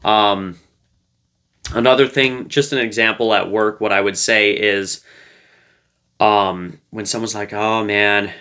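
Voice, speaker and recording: Playful, low-voiced man giving casual advice. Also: fairly even intonation, unhurried, pauses often, bright, forceful tone, clear, resonant tone. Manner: loose and conversational, full of fillers; playful, light-hearted. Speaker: relationship advice creator. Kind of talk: casual advice talk to camera.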